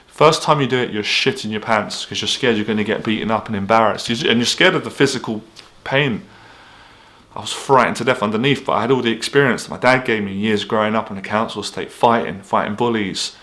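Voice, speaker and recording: A man's voice: mid-range voice, fairly bright tone. A man, an anxiety coach talking straight to camera in a blunt, candid way, swearing freely. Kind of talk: motivational vlog monologue.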